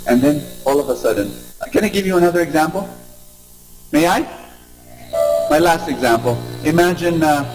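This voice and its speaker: A preacher gives a lively inspirational talk, calling out to his audience for responses. His voice sits fairly high for a man. Music plays clearly underneath him. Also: moderate pace, long pauses, rough recording. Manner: animated, with acted-out voices and audience prompts.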